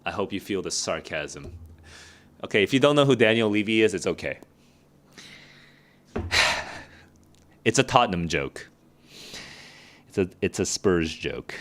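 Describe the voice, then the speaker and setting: A man's voice: deep voice, animated, fairly bright tone. Chatty male tutor drilling grammar. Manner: chatty, repeats drills slowly, answers live chat. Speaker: SAT tutor. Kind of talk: casual livestream Q&A lesson.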